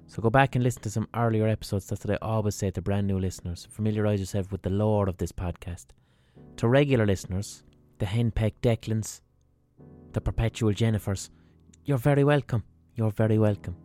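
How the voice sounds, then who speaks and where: A man with a Limerick accent hosting a podcast with a rambling, sweary comic monologue. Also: lowish voice. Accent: Limerick, Irish. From Ireland. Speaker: podcast host.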